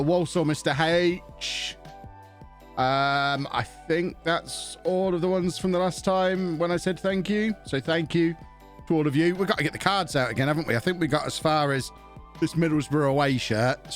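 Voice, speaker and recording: On a live stream, a man with a voice on the high side chats his way through his own football management game. He's loose and self-mocking, thinking out loud and thanking subscribers as he goes.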